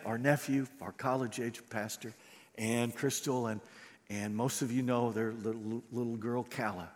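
A man's voice: medium pitch, long reverb tail. A man preaching a sermon as pastor, acting out quoted voices with animation.

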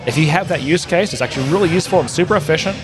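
This podcast co-host, who develops software integrations, has a voice on the high side and speaks very fast with music behind him. He enthusiastically explains integration work in a casual tech conversation, rambling and self-correcting as he goes.

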